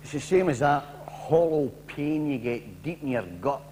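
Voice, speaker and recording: A man's voice: a little high, moderate pace, dark tone, natural voice. A man with a Scottish accent voicing a gormless working-class football fan who talks in a rambling, blunt way, in a reverberant, noisy 1990s TV recording. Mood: chatty.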